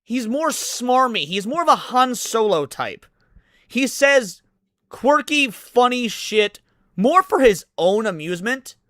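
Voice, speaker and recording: A man's voice: extremely high pitch, very animated, unhurried, sharp tone, no echo, studio quality. A man ranting in a heated, profane, sarcastic way, hosting commentary over game clips. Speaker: commentary host.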